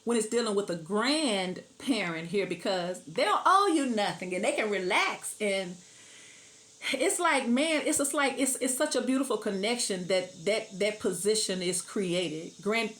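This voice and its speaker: A woman's voice: medium pitch, normal speed, a bit bright. A middle-aged woman giving a casual tarot reading to camera, chatty, laughing often and sometimes breaking into song. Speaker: tarot reader.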